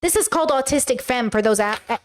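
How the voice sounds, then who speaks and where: A woman chats on her livestream in a high voice that sits well above most. She rambles candidly, drops swear words freely and slips into little acted-out quotes as she talks. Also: expressive, quick pace. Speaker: livestream host. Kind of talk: casual livestream chat. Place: home livestream.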